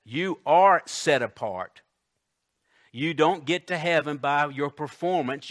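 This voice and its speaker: A man preaching a sermon, emphatic, swinging between loud declarations and hushed asides, reading scripture slowly. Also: a little high. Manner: reads scripture aloud slowly and deliberately.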